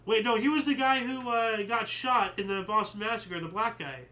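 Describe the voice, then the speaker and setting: A man with a high, bright voice hosts a daily history livestream. He reads each year with a lift, then wanders into loose, joking asides with some mild swearing. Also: normal speed, poor audio. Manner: punches out each year before the entry. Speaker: host of a daily history stream. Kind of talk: casual livestream chat reading dates.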